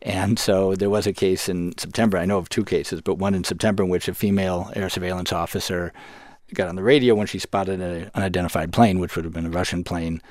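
A man's voice: low-pitched, steady tone, a little fast, a little mellow, no room sound, clean studio sound. A man, a newspaper reporter, explaining events in a radio interview and often correcting himself mid-sentence. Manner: explanatory, with frequent self-corrections.

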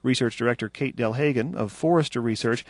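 A man's voice: medium pitch, no echo. Male radio news reporter. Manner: measured, even delivery. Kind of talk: scripted news narration.

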